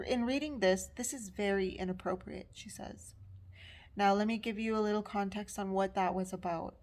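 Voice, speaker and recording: A woman's voice: medium pitch, darkish tone. Indigenous student woman recounting an upsetting meeting. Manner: candid, upset, quotes others. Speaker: social work student. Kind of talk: personal storytelling vlog.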